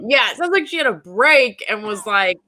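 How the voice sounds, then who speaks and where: Female podcast host, higher pitch, animated, blunt teasing chat. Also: normal speed. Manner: blunt, teasing, laughs easily. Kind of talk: casual chat.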